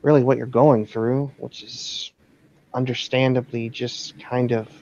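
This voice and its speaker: A man voicing a calm, seasoned female werewolf mentor who speaks patiently and reassuringly. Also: medium pitch, unhurried, no room sound, close to an everyday voice. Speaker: game master. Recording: dull dry lo-fi recording.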